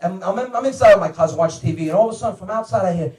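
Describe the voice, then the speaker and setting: A man telling foul-mouthed family stories in an animated stand-up style, acting out everyone's voices. His voice sits high for a man, and the sound is roomy. The mic is well away from him. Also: rapid-fire, recorded from a distance, noisy background. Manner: profane, animated, acts out voices. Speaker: comedian guest telling stories. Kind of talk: stand-up storytelling.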